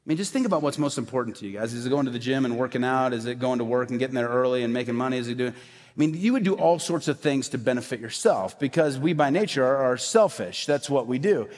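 A man's voice: medium pitch, fast, a little mellow. A man preaching a sermon in a church, talking conversationally and animatedly to the congregation with asides. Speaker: pastor. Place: church sanctuary. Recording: hall reverb.

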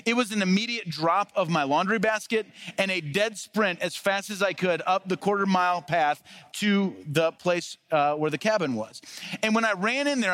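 A male pastor preaching a casual sermon, telling stories and acting out the quoted lines with lively energy. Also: sits high, no room sound. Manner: storytelling with lively acted-out quotes.

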